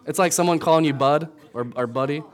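A man's voice: a little high, quick pace. A young adult man preaching a sermon in a conversational, storytelling way, building to emphatic points. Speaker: pastor.

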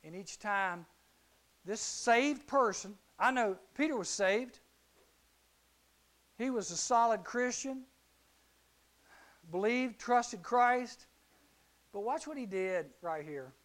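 A man preaching to a youth group, telling stories animatedly, acting out characters and shouting at the peaks. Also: sits high, animated, takes it slowly, long pauses. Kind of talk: sermon.

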